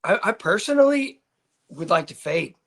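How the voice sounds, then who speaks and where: A man's voice: high-pitched, very animated, normal speed, gravelly, a bit bright. A man co-hosting a sports betting show, giving his picks in a laid-back, matter-of-fact way. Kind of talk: casual sports betting chat.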